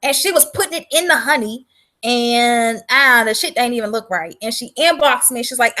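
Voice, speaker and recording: High, bright-voiced woman ranting bluntly. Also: normal speed. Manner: blunt, profane, fired-up; repeats words for emphasis. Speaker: vlogger selling herbal products. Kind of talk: casual livestream rant.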